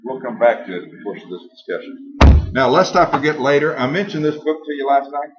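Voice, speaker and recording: A man preaching a sermon in a church hall, emphatic and folksy, slowing down to stress the passages he quotes aloud. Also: mid-range voice, heavy background noise. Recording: echoey, distant, dull live church recording.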